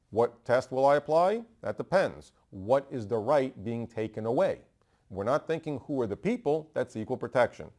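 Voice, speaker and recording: A man from New York teaching a bar exam review, fast and emphatic, asking rhetorical questions and answering them himself. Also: mid-range voice, darkish tone. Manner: brisk and emphatic, repeating key terms. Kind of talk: energetic law review lecture.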